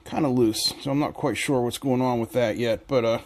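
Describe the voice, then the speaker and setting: A man's voice: mid-range voice, steady tone, a little fast. A man hosting a hobby channel, talking casually through a build while joking and thinking aloud. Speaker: electronics hobby channel host.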